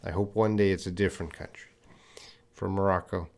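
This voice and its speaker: A low, somewhat dark and creaky voice belongs to a Canadian English teacher streaming a lesson live from an indoor desk with a board. He reads viewer chat and answers people by name, speaking a little fast with fairly even intonation, patient yet full of fillers and restarts.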